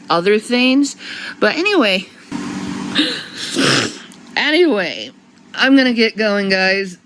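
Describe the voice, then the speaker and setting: A woman vlogger with a medium-pitched voice rambles casually to camera, breathless, cursing, restarting a lot, and laughing in bursts. The recording is rough, with slight background noise.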